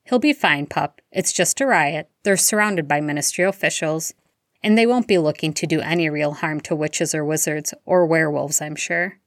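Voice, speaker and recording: Storybook reading of a reassuring wizard godfather, a woman doing his lines, soft and low, with a dry close sound. He talks in a calm, soothing way. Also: moderate pace, dry recording. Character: steady reassuring grown man, protective godfather wizard.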